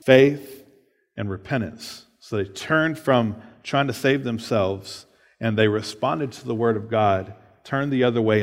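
A man preaching in a relaxed, conversational way, often tossing in "right?" and a quick laugh between points. His voice, mid-pitched for a man, rings out with a long hall reverb, as if spoken in a church sanctuary. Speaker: pastor. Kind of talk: sermon.

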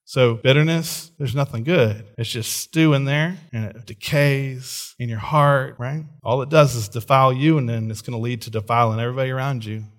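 A middle-aged man preaching a sermon in an animated way, often checking in with "right?" and laughing. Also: mid-range voice, moderate pace, hardly any pauses. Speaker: pastor.

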